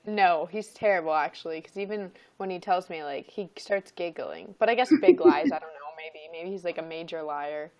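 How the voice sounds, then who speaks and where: A woman's voice: sits low, moderate pace, hardly any pauses, a little mellow. A young woman hosting a casual livestream, laughing often and joking about herself. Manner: laughs often, playful and self-mocking. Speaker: livestream host.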